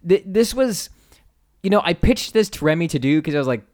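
A man's voice: a little high, lively intonation, fairly quick, a little mellow. A man co-hosting a podcast in casual, rambling chat full of fillers and restarts. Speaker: podcast co-host.

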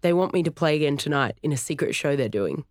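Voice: mid-range voice, lively intonation, quick pace, dry recording, clean studio sound, natural voice. A narrator voicing a laid-back young musician son who talks bluntly in slang in a storybook reading. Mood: casual.

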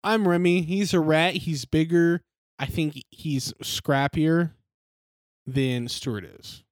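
A man's voice: fairly high pitch, fairly even intonation, slow, dry recording, studio quality. Laughing, rambling young man co-host. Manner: laughing, rambling, swears freely. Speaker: podcast co-host. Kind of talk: casual chat.

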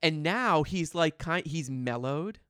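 A man co-hosting a podcast, telling a story wryly with plenty of "like"s. His voice sits a touch high and moves a lot, recorded dry and close. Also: expressive, takes it slowly, fairly bright tone, clear, resonant tone, dry recording. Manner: wry, storytelling, full of "like" fillers. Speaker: podcast co-host. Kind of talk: casual chat.

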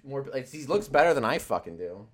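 A man's voice: medium pitch, big pitch swings, fairly quick. A young man chatting loosely on a stream, swearing often and rambling between jokes. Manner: profane, loose and joking, with many fillers. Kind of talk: casual rambling chat.

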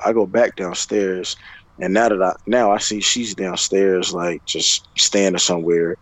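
A man's voice: no echo, low-quality recording. A young man telling a dating story in a casual, profane, rambling podcast chat, full of fillers and restarts. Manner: acts out his own heated replies in a higher voice.

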